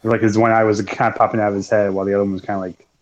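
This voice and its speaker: A man's voice: lowish voice, flat delivery, racing, dull audio. Giggly laid-back podcast guy. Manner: laughs often, loose rambling. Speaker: podcast co-host. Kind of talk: casual film discussion.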